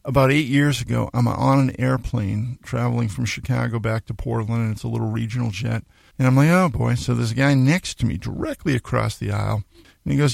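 Middle-aged male host, gravelly fry, dry close sound, chatty storyteller. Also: mid-range voice, fast talker, darkish tone, no echo. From Maine. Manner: storytelling, acting out quoted voices, laughs. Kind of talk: casual interview chat.

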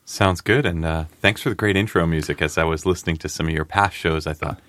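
A man from Massachusetts, a business owner, answering interview questions in a polite, measured, articulate way. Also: deep voice, a bit bright, no echo.

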